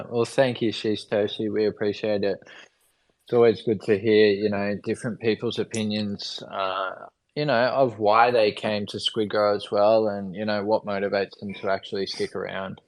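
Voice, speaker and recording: A man hosting a casual online audio chat from his phone, relaxed and laughing easily as he brings in speakers. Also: on the low side, moderate pace.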